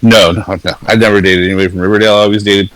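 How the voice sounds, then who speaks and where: A man's voice: lowish voice, little pitch movement, very fast, a bit bright, no echo, low-quality recording. A man in his forties chatting earnestly in a casual podcast conversation, rambling a little and laughing easily. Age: 40s.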